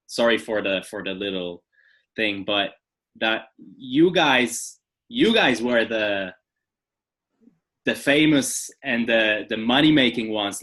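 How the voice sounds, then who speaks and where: A man, a native Polish speaker, hosting a podcast and asking halting, restarting questions in casual interview talk. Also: on the low side, fairly bright tone.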